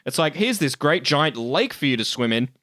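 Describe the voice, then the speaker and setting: A man's voice: a little high, big pitch swings, moderate pace, pushed and bright, no echo, clean studio sound. A man, hosting a live stream in casual chat, swearing and joking with frequent laughs. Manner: profane, joking, laughs often. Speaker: streamer host.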